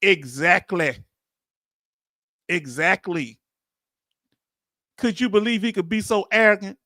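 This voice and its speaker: A man hosting a livestream, animated and preachy, talking in casual slang and calling on his viewers in the chat. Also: high-pitched, takes it slowly, dry recording, clean studio sound. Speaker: channel host.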